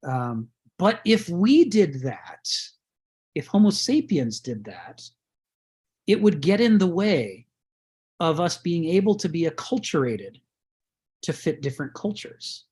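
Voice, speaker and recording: Rambling man giving a lecture, breathy. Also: on the high side, big pitch swings, slow, a little mellow. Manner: rambling, chuckles often, many fillers. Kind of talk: conversational lecture.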